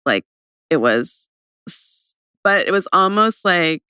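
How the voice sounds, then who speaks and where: A young woman co-hosting a casual podcast chat, bubbly and chatty, her voice still rough with vocal fry from a recent cold. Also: on the low side, animated, slow, bright, forceful tone, no room sound, studio quality. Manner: bubbly, chatty, laughing often. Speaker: podcast co-host.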